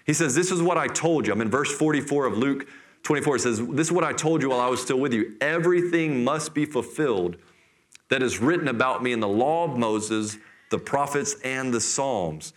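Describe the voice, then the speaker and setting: A middle-aged man preaching a sermon in church, telling a scripture story with lively, acted-out voices. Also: medium pitch, a little fast. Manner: animated storytelling, acts out voices. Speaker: pastor.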